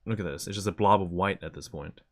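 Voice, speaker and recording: A man's voice: low-pitched, quick pace. A man chatting casually on a live stream, enthusiastically showing items to the camera.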